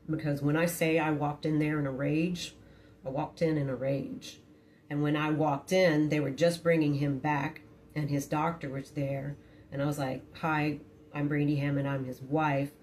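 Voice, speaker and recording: Low-voiced woman telling a blunt story. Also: slight background noise. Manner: blunt, profane and dramatic; quiet, low-key delivery. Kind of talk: casual storytime.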